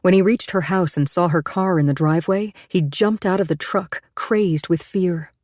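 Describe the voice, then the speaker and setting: A woman narrating an audiobook in a steady, measured storytelling voice, pitched a little low. The recording is close and dry, with no room sound. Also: no room sound. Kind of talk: scripted narration.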